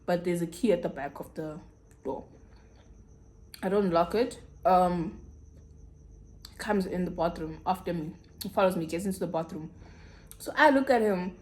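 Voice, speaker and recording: Young South African woman, animated storytelling. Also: normal speed, long pauses. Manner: animated, dramatic retelling with swooping pitch. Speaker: YouTuber. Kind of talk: casual storytime.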